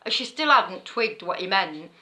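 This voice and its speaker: Middle-aged east midlands woman rambling through a story, bright voice, laughs a lot. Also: mid-range voice, big pitch swings, moderate pace. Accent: East Midlands English. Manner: chatty, rambling, laughs often. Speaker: knitting vlogger. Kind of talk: casual storytelling.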